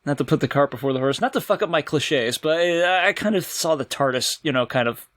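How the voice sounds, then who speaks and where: Rambling, foul-mouthed podcast co-host. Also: male voice, on the high side, expressive, brisk, fairly bright tone. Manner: rambling, swears freely, laughs often. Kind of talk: casual chat.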